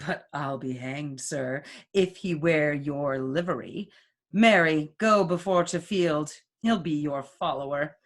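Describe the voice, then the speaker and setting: A woman's voice: sits low, exaggerated voice. A woman reading the part of Mercutio, a mocking, quarrelsome young man, in a casual classroom-style read-aloud. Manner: sarcastic, drawn-out delivery.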